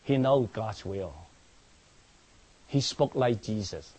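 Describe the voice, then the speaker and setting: Slow-paced preacher man. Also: on the low side, darkish tone. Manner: repeats words and restarts, asks the congregation if they understand. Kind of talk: sermon.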